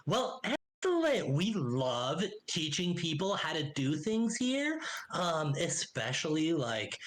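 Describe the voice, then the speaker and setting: A man's voice: mid-range voice, unhurried, close to an everyday voice. A man voicing an eager, rambling halfling teacher at a bard college.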